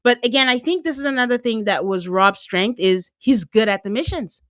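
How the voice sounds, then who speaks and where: A woman's voice: fairly high pitch, moderate pace, a bit bright, no echo, studio quality. A woman hosting a podcast, chatting casually through a reality-show recap and laughing often. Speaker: podcast host.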